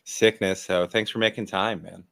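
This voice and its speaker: A male podcast host chats in a laid-back way, giggling often and swearing casually. His voice is very deep. The mic sound is dry. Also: fairly even intonation, normal speed, creaky, fairly bright tone, dry recording. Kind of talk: casual chat.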